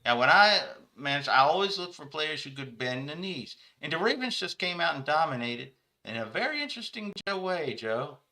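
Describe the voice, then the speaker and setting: A man doing a stammering, high-voiced sports pundit. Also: sing-song, moderate pace, hardly any pauses, bright, forceful tone, exaggerated voice. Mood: eager. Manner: stumbling repetitions, keeps addressing the listener by name. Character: stammering, over-eager male sports pundit.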